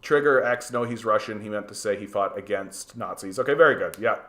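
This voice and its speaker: A man's voice: lowish voice, fairly quick, fairly bright tone. A man hosting a political livestream. He talks heatedly and swears freely, stammering through many restarts as he answers chat. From Canada. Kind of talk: livestream commentary reading chat.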